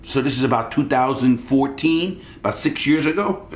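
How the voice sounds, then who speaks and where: Middle-aged man, profane rambling storyteller; roomy room sound, mid-pitched. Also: moderate pace. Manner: rambling, swears freely. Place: hotel suite.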